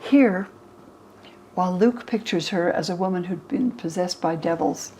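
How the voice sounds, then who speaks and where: A woman's voice: on the low side, a little slow, a little hiss or hum, low-quality recording. A woman in her eighties from the United States, a historian of religion, telling stories animatedly in a documentary interview. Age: 80s. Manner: animated storyteller, acts out quotes.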